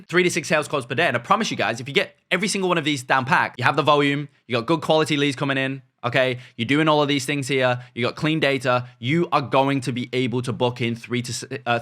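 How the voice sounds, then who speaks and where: A young man coaching on sales, talking fast and energetically with many fillers and check-ins like "right?" and "okay?". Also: medium pitch, sharp tone. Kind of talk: business coaching talk to camera.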